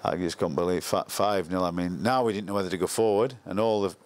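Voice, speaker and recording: A man's voice: sits low, fast talker. An older man recalling a football campaign in an interview, blunt and colloquial in his speech. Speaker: former football coach. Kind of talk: retrospective interview.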